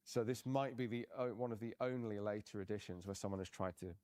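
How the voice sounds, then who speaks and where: A man, a museum curator, explaining objects in a relaxed, hesitant way. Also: fairly low pitch, quick pace. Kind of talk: informal museum talk.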